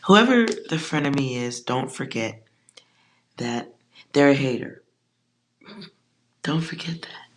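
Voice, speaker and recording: Tarot reader, unhurried, blunt and joking, slangy, whispered asides, middle pitch. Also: big pitch swings, slight background noise. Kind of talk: casual collective tarot reading.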